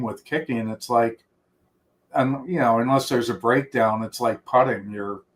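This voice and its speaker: A middle-aged man, a guest on an interview, reminiscing at length with many restarts. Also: mid-range voice. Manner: rambling storyteller with many restarts and quoted voices.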